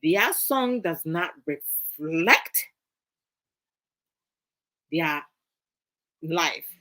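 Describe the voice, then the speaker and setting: A woman's voice: low-pitched, lively intonation, extremely slow, sharp tone. A woman with a Ghanaian accent hosting a casual live-stream chat, playful and chatty, reading out viewer comments and mixing in Twi phrases. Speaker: host.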